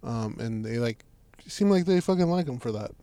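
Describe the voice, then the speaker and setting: A man co-hosting a casual, crude podcast, talking in a low-key deadpan mumble with plenty of swearing. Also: moderate pace, clean tone, no room sound. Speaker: podcast co-host.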